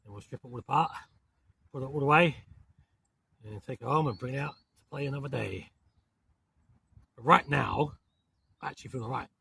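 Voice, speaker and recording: Gravelly southern English man in a tent. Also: mid-range voice, moderate pace, pauses often, fairly bright tone. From southern England. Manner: chatty, rambling, mild swearing with apologies. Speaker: camping vlogger. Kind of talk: casual talk to camera. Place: inside a small hot tent in woodland.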